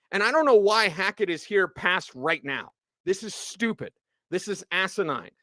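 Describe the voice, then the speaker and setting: A man co-hosting a sports radio show, ranting loudly and mocking people with put-on quotes. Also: high voice, no echo. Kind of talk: heated sports radio rant.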